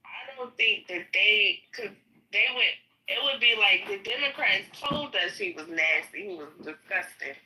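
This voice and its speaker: A woman's voice: mid-range voice, lively intonation, a little slow, sharp tone, far from the mic, a little hiss or hum, rough recording. Rambling woman, slightly off-mic. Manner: rambling, trailing off. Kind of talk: political discussion.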